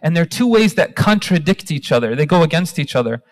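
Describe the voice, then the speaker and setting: A man voicing a humble young boy who is amazed and speaks with wide-eyed excitement. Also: a little high, a little fast, close to an everyday voice. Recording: long hall reverb.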